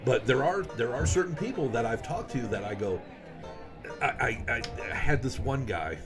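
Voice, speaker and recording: A man's voice: medium pitch, expressive, normal speed, music in the background. A man co-hosting a podcast in casual chat, agreeing with his co-host and repeating words as he searches for what to say. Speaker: podcast co-host, festival performer.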